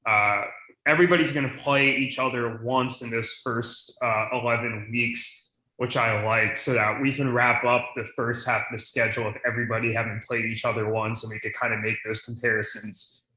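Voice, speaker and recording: A man's voice: medium pitch, steady tone, moderate pace, pushed and bright, echoey room, low-quality recording. A young man co-hosting a fantasy league podcast, chatting casually and thinking aloud with lots of fillers. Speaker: podcast co-host.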